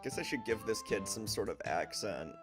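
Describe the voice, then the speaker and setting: A man's voice: fairly low pitch, animated, moderate pace. Sarcastic streamer guy roasting game puns, swears some, game music playing. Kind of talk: let's play commentary.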